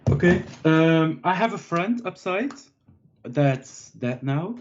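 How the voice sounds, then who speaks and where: A player questions someone in character at a tabletop game, speaking slowly and laughing between lines. The voice sits in a middle pitch and comes through a dull, lo-fi microphone. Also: lively intonation. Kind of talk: in-character tabletop role-play.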